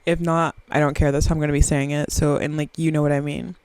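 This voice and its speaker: A woman's voice: sits low, little pitch movement, fast, a little mellow, smooth, rough recording. Rambling woman in her twenties. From Southern US. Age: 20s. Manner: rambling, profane, self-mocking. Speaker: podcast host. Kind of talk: casual solo podcast chat. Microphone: very close to the microphone.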